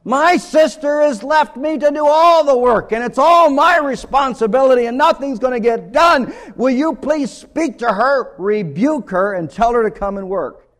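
A man's voice: animated, normal speed, hardly any pauses, fairly bright tone. A preacher voicing a frazzled, angry woman who pleads and complains about being left with all the work. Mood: indignant. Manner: shrill, pleading and indignant. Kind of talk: sermon storytelling.

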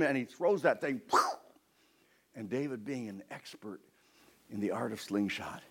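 A man preaching a sermon, retelling a story in an animated way and acting out its scenes. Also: a little high, moderate pace, breathy edge.

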